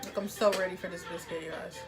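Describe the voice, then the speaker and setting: Chatty mom on a mukbang vlog. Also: female voice, fairly low pitch, fairly even intonation, quick pace, over music. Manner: chatty, talks to viewers between bites. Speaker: mother and mukbang vlogger. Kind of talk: casual eating vlog chat. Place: at home. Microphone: phone on a tripod.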